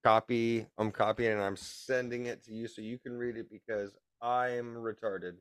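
A man's voice: medium pitch, flat delivery, moderate pace, a bit bright, clean tone, dry recording. A man hosting a casual podcast, talking in a crude, rowdy, joking way and laughing often. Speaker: podcast host.

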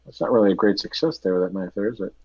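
A man's voice: fairly low pitch, very fast, a crowd in the background. A man playing in a tabletop horror game, describing his actions hesitantly with many fillers. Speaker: player. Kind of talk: casual tabletop play. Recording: slightly dull lo-fi sound.

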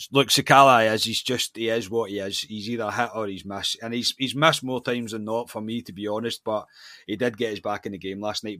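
A Scottish man co-hosting a casual football podcast, his voice sitting fairly low. He gives his views firmly and keeps restarting mid-sentence. The sound is dry and close, with no room around it. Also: pushed and bright, no echo. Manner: opinionated, with restarts. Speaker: podcast co-host.

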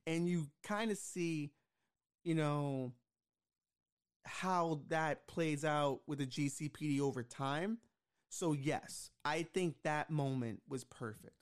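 A man's voice: fairly high pitch, smooth. Agreeable man in casual film talk. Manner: agreeable, chimes in with quick affirmations.

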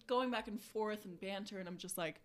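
A young woman co-hosting a podcast in casual chat, talking quickly with lots of fillers like "you know" and "like". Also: mid-range voice, a crowd in the background. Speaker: podcast co-host.

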